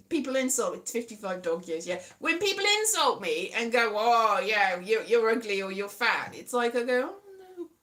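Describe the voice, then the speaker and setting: A woman's voice: sits high, sharp tone. A woman in her thirties chatting casually to viewers, rambling and self-mocking, drifting into sing-song now and then. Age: 30s. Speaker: livestream host. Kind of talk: casual chat reading viewer comments.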